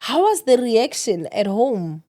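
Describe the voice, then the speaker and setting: Woman interviewer, slightly high voice, unhurried, short attentive questions. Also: very animated, warm tone. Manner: brief, attentive prompts and follow-up questions.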